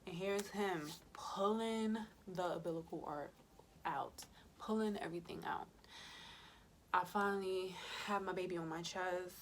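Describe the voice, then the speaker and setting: A woman with a fairly low voice tells her own story in a casual vlog. She talks right to her viewers, moving between plain chat and soft, emotional whispers. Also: a little slow, slight background noise. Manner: conversational, addresses viewers directly. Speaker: birth worker and mother.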